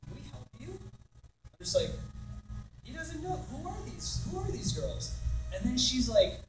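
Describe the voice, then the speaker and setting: A man's voice: very high voice, measured pace. A young man telling stories on a convention panel, acting out quotes and laughing often. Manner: animated storyteller, acts out quotes, laughs often. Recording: roomy far-off hall recording with noise.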